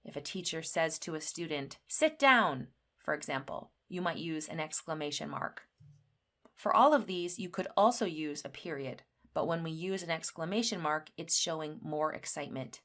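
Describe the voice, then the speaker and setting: A woman teaching an English grammar lesson. She explains rules clearly and acts out the example sentences. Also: low-pitched, a bit bright. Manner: slow, clearly spelled-out teaching.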